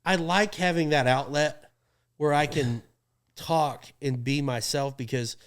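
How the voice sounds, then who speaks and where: With a fairly high, clear, resonant voice and a slightly slow delivery, a rodeo clown swaps stories in a relaxed podcast conversation. He's animated, laughs a lot, and performs the quotes of the people he mentions.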